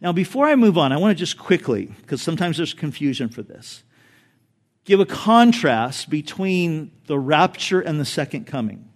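Brief: high-pitched male pastor, lively preaching, storytelling. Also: normal speed. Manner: animated, storytelling with jokes. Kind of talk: sermon.

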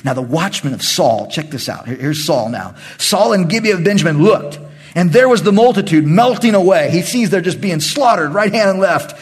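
A man pastor leading a Bible study, animated and acting out the voices of the people in the story. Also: high-pitched, moderate pace, breathy edge. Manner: animated, acts out quoted voices. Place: church meeting room.

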